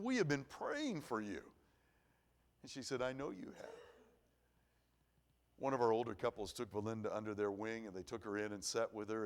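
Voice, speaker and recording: Earnest storytelling preacher man. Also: mid-range voice. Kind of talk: sermon. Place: church auditorium.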